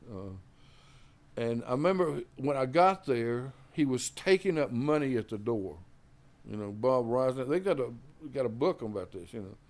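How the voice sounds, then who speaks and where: Animated and darkish in tone, this older jazz musician talks at a normal speed while casually recounting his early days in long stories. "You know" and "man" come up constantly, and he performs other people's quoted words in a higher pitch.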